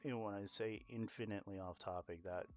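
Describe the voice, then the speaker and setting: A man's voice: lowish voice, fairly even intonation, fast talker, darkish tone, soft background music. A man giving rambling, self-mocking let's-play commentary with lots of fillers, talking into a desk mic. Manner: chatty, digressive, self-mocking, many fillers. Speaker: gaming YouTuber.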